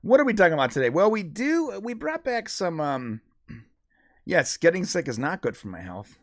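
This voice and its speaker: Man, podcast co-host, has a cold, chatty, animated pitch, dry close sound. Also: dry recording. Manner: upbeat, chatty, quick laughs. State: sick with a cold. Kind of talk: casual live-stream chat.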